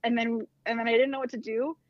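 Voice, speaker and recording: A woman, fairly high-voiced, tells a personal story in relaxed conversation. She speaks animatedly, peppers her sentences with "like" and slips into the voices of the people she quotes. The sound is dry and close, with a dull, lo-fi band. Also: fast talker, dry recording. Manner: animated, acts out quoted dialogue, heavy use of "like". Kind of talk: casual storytelling chat.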